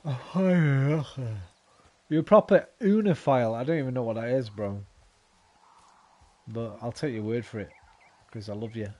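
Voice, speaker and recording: A young male game streamer talks back to the video game he's playing, giving casual let's-play commentary full of swearing. His medium-pitched voice has a dark tone, moves at a moderate pace with long pauses, and the sound is lo-fi.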